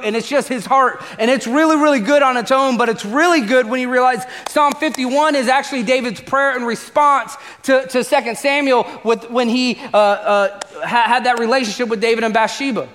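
A man preaching a sermon in a church auditorium, his fairly high voice ringing with a long hall reverb. He talks conversationally, repeating key lines for emphasis. On serious points he sinks to a soft, low murmur. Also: moderate pace, few pauses. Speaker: pastor.

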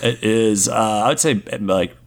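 A man's voice: on the low side, unhurried. A man narrating as game master in a casual way with laughing asides.

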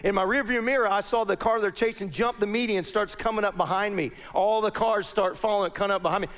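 A man's voice: high voice, fast. A middle-aged pastor, telling a personal story to his congregation as part of a sermon. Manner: animated storyteller addressing a congregation.

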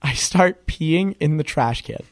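A man's voice: fairly high pitch, a little slow, no echo, clean studio sound. A young man in casual chat, telling stories with lots of laughter and casual swearing. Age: young adult. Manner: animated, laughing storyteller, swears freely.

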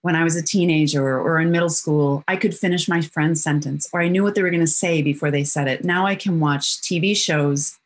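A middle-aged woman, a guest on an interview, telling personal stories in an animated way and acting out the voices in them. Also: deep voice, a little fast, hardly any pauses. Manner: animated storyteller who acts out quotes.

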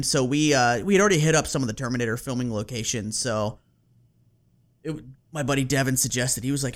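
A man hosting a podcast, telling a story in casual chat, animated and laughing, with casual swearing and plenty of fillers. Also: medium pitch, fast.

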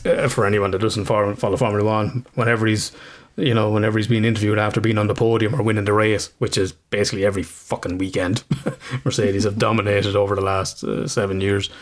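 A man's voice: fairly low pitch, little pitch movement, fast. A man in his thirties, a psychotherapist co-hosting a podcast, rambling casually with swearing and laughter. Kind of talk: casual chat.

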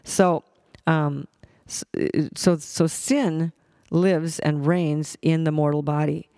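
A man with a gravelly, fry-edged voice teaches scripture conversationally, stumbling over words and circling back as he reads verses aloud. His voice sits a little on the high side for a man. The sound is dry and close, with no room echo. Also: level tone, a little mellow. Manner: halting, with many restarts and fillers. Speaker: Bible teacher.

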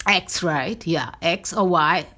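A woman's voice: lowish voice, slow pace, pushed and bright, breathy edge. A woman talking casually and bluntly in a rambling opinion monologue, with frequent fillers and restarts.

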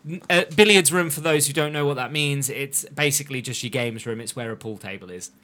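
A man tells the story of an episode to his friends, animated and quick to mimic characters. His voice has a bright, clear edge. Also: mid-range voice. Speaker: podcast host recapping an anime. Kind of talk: casual chat.

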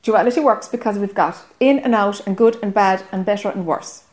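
A woman's voice: medium pitch, fairly quick, a little mellow. A woman with an Irish accent giving a spiritual teaching talk to a group, earnest and often checking whether listeners follow.

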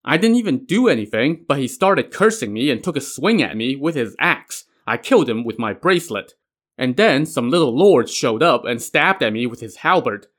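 A man's voice: medium pitch, big pitch swings, moderate pace. A man voicing a cocky, superhuman seven-year-old boy in a told myth, recounting his deeds in a breezy, boastful way. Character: young superhuman boy, cocky and matter-of-fact.

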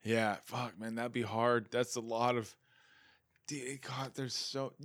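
A man's voice: medium pitch, fairly even intonation, slow, a bit bright, no echo, studio quality. Joking young man bantering on a podcast. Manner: laid-back, joking and profane banter. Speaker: podcast co-host. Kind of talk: casual conversation.

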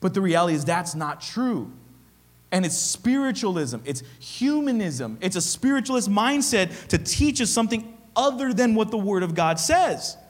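A man pastor delivering a sermon in a high voice that rises and falls in lively swings. He presses his points hard, repeats phrases and keeps asking his listeners "okay?". The sound carries a long reverb, as from a hall. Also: normal speed.

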